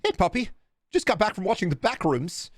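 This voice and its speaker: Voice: mid-range voice, sing-song, brisk, no room sound, pitched above the performer's own voice. Flirty sing-song woman's voice, from a man's voice changer. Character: flirty woman talking to her "puppy".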